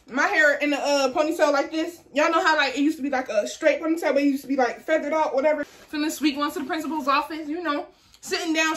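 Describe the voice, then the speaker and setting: A young woman vlogger telling a story in casual chat, animated and acting out the people in it. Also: high voice. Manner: animated, acts out voices in her story.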